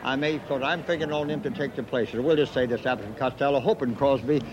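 A man's voice: medium pitch, fast, background noise. A man working as an emcee, introducing performers with boastful, jokey patter and fumbling names. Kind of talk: rapid stage patter. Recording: muffled archive clip with loud crowd.

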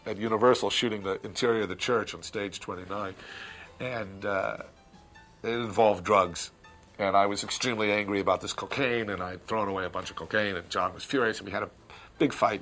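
A man in a candid interview, telling behind-the-scenes stories with animated retellings and laughter. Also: on the low side. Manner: lively storyteller, acts out voices, laughs. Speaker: filmmaker recalling a production.

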